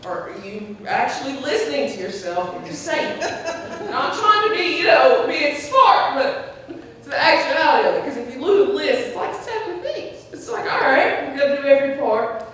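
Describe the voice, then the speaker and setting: A woman's voice: sits high, sing-song, normal speed, fairly bright tone. A woman speaking at a memorial tribute, telling personal stories to a gathering, acting out the voices she quotes and laughing often. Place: large hall at a community gathering. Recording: echoey hall from far off.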